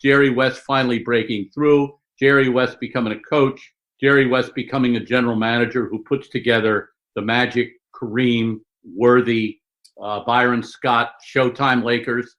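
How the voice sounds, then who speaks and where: An older man telling stories as an interview guest, lively and full of quick asides. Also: medium pitch, poor audio. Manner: animated storyteller, quick asides and mock voices. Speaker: sportswriter guest. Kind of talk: conversational interview storytelling.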